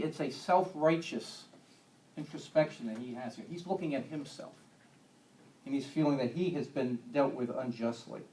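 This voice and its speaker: A man teaching a Bible lesson to a church group in a conversational way, with homely humorous asides. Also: a little high. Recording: echoey room, distant mic.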